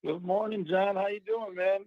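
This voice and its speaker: A man's voice: high voice, steady tone, moderate pace, no echo. A man calling into a sports talk show, easygoing and hedging his words with fillers. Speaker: caller. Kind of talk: casual call-in chat. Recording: dull dry phone line.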